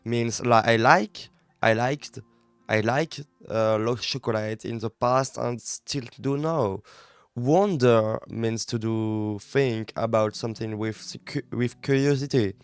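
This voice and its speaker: A French man with a French accent, a native French speaker, reading English lessons aloud on a study live stream and halting to repeat words while practising pronunciation. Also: medium pitch, clean tone, no echo.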